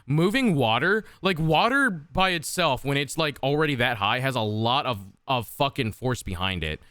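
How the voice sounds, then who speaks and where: A man's voice: mid-range voice, lively intonation, normal speed, fairly bright tone, smooth, no room sound, clean studio sound. A man streaming a game, rambling and swearing casually with many fillers.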